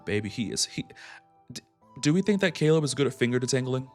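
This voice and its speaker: Giggly excitable male streamer, lively pitch. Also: fast, long pauses, faint music behind. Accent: shifting accent. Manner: giggly, excitable, rambling asides. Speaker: VTuber streamer. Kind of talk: reaction commentary, reading game story aloud.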